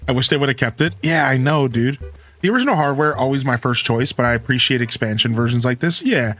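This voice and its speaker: A man giving relaxed, rambling commentary while playing a video game, full of fillers. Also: mid-range voice, fast, soft background music. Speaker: game streamer. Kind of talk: casual gameplay commentary.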